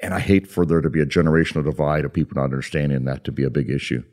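Deep-voiced man with fast, halting speech. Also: steady tone. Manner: hesitant, repeats words, fillers, trails off softly. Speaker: co-host. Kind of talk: radio talk show chat.

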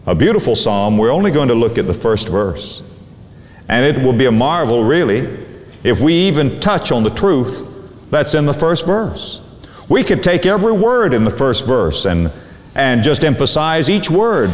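A middle-aged man, a pastor, preaching a sermon with emphatic, preacherly delivery and dramatic slowdowns on key words. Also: medium pitch, very animated. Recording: long hall reverb.

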